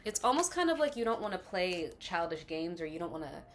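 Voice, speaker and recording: A woman's voice: on the low side, sing-song, brisk, a little hiss or hum. A woman giving a casual tarot reading, rambling and chatty with many fillers, slightly lisping through a retainer. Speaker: tarot reader.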